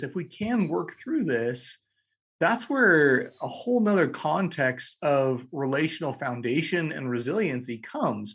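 Husky-voiced man musing thoughtfully. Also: fairly high pitch, fairly bright tone. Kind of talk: casual conversation.

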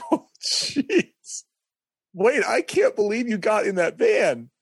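A man's voice: sits high, wildly swooping pitch, slow, gravelly, slightly rough, dry recording. A man casually reacting to a story with short exclamations and laughter. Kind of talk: casual chat, brief reactions.

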